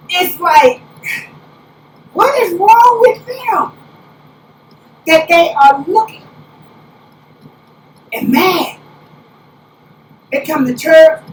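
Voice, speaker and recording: A woman apostle preaching a conversational sermon, telling stories with lively preacherly exclamations. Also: very high-pitched, takes it slowly, long pauses. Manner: animated storytelling, preacherly exclamations. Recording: roomy, distant, faint background hiss.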